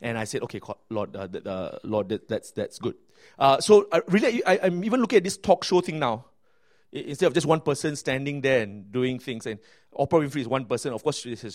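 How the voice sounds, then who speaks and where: A man with a Malaysian English accent, a pastor telling stories in a sermon, chatty and animated with many fillers and restarts. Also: medium pitch. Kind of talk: sermon storytelling.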